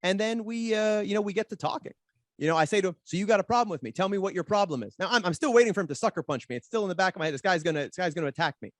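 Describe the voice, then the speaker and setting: A man and podcast guest telling a story in an animated way, fast and with many restarts as he acts out quoted arguments. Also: high voice, dry recording. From Canada. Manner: rapid, repeats words while acting out quoted arguments. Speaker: podcast guest, pro wrestler.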